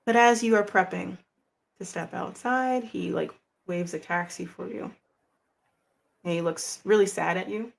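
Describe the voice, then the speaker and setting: A woman's voice: on the low side, unhurried, creaky. A woman narrating a tabletop game as game master, casual and chatty.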